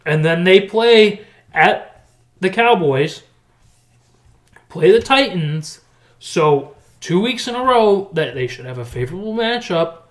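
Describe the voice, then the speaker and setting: A man's voice: high-pitched, slow pace, pauses often. A man co-hosting a casual football podcast, talking picks with emphatic energy. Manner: excited, emphatic picks talk. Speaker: podcast co-host. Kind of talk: casual sports chat.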